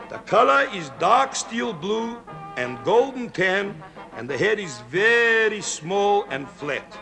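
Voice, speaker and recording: A man's voice: high voice, sing-song, slow, sharp tone, faint music behind, exaggerated voice. An actor playing a jokey, dog-loving pet expert in a 1970s children's TV sketch, folksy and chuckling at his own jokes. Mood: chatty. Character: chatty male pet expert, jokey, fond of dogs.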